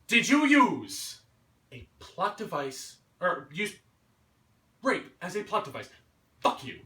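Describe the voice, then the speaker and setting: A man's voice: fairly high pitch, expressive, slow pace, bright, forceful tone. A man giving an angry, swearing rant about a movie, mocking characters in put-on voices. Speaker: vlogger. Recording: roomy echo, mic at a distance.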